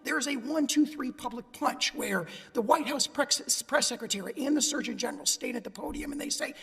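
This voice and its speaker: A lawyer presses his case before an appeals court, his voice gravelly and heavily husky. He talks with emphasis and stacks up long hypotheticals, and the courtroom's long reverb hangs behind each phrase. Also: very high-pitched, a little fast, fairly bright tone. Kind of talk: formal courtroom oral argument.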